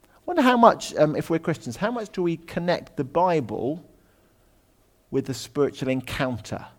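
A man preaching a conversational sermon in a lecture room, full of ums and asides, often dropping his voice low. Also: animated, moderate pace.

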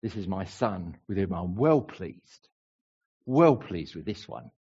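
A man's voice: sits low, very animated, slow, warm tone, slightly rough, lo-fi sound, voice pushed down, exaggerated voice. A man preaching puts on a Cockney accent to voice God the Father as a proud, homely Cockney man. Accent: put-on Cockney.

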